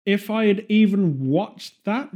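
A man's voice: sits high, animated, slow, a little mellow. An English man hosting a podcast, chatting casually with rambling, playful jokes and tangents. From England. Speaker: podcast host.

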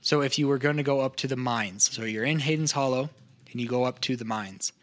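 Man running a tabletop game. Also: medium pitch. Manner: halting, roundabout explaining. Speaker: game master.

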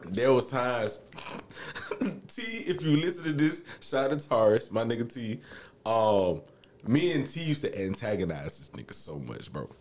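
A young man, telling a story in a casual podcast chat, animated and swearing freely. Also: normal speed, slight background noise. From Alabama, US. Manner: animated, swearing, acts out quotes in high voices. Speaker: podcast co-host.

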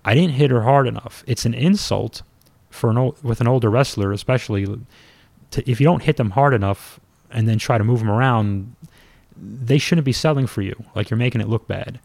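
A man, a former pro wrestler, telling a story in a casual, lively and self-mocking way, with some swearing. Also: mid-range voice, moderate pace, creaky, no room sound.

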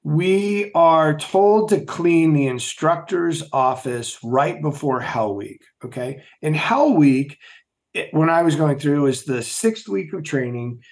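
A middle-aged man telling stories as an interview guest, emphatic and animated, often asking rhetorical questions. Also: on the high side, takes it slowly. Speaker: podcast guest, former Navy SEAL. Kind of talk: storytelling interview.

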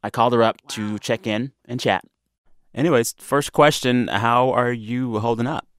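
A man's voice: medium pitch, steady tone, moderate pace, a bit bright, clean tone, dry recording. A man hosting a radio show, chatting casually with a guest in a playful, upbeat way and laughing easily. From Texas. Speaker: radio host.

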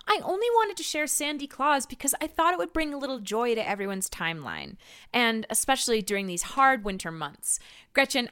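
A woman's voice: a little high, bright, forceful tone, clear, resonant tone. A woman playing an overly sweet young mother who posts online, talking in a gushing, earnest way, in comedy improv.

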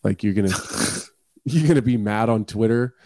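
A podcast co-host man who speaks bluntly and swears freely in loose, rambling chat. His voice sits low and mellow. The sound is dry and close, with no room around it. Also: normal speed, no room sound. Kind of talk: casual chat.

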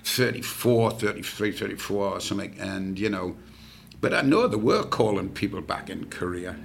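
A man's voice: on the low side, lively intonation, moderate pace, creaky, a little hiss or hum. An older man in his seventies, a rock singer as guest, rambling through anecdotes with many fillers and casual swearing. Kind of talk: casual storytelling chat.

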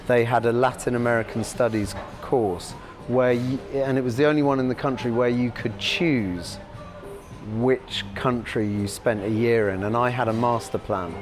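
A man in his fifties, a podcast guest telling long anecdotes in a halting, rambling way full of restarts. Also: medium pitch, steady tone, over music. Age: 50s. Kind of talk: anecdotal storytelling.

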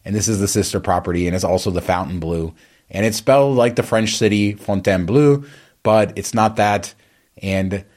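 A man's voice: lowish voice, darkish tone. A man co-hosting a podcast, chatting in a casual, enthusiastic way. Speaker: podcast co-host.

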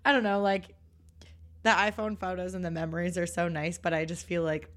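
A young woman co-hosting a podcast, chatting casually in a voice gone hoarse after a busy weekend. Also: on the low side, level tone, a little fast, a bit bright. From Canada. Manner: chatty, laughs easily. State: hoarse from losing her voice. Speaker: podcast co-host. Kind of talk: casual chat.

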